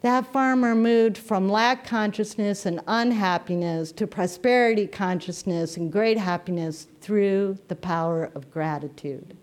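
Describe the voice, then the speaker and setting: Slow-paced woman preaching a sermon. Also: medium pitch. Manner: storytelling, gently humorous. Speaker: minister.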